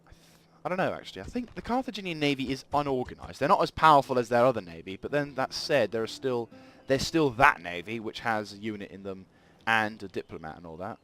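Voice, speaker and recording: A man's voice: mid-range voice, lively intonation, fast talker, a bit bright. A man giving rambling let's play commentary at a desk mic, thinking aloud as he plays. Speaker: gaming channel host.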